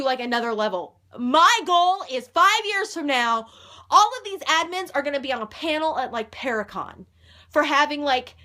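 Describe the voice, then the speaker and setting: Bright high-voiced bubbly woman vlogger. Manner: loud and bubbly, swears playfully. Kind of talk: casual chat to camera.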